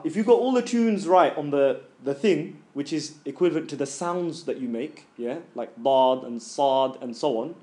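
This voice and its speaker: Fairly high-pitched and a little mellow, a man leads an informal Quran recitation class, saying sounds aloud as examples. His manner is chatty, punctuated by frequent "yeah?" check-ins.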